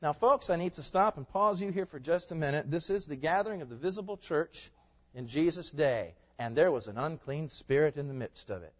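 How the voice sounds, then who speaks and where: Animated preaching man, reverberant hall. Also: brisk. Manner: animated preaching, swinging from loud emphatic peaks to low asides. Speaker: pastor. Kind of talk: sermon. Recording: muffled sound in a reverberant hall.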